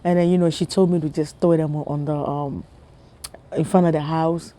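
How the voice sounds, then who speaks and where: Chatty Ghanaian woman with a dark voice. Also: low voice, fairly even intonation, moderate pace. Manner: chatty, talks straight to viewers with rhetorical questions. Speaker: vlogger. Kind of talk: casual storytelling to viewers.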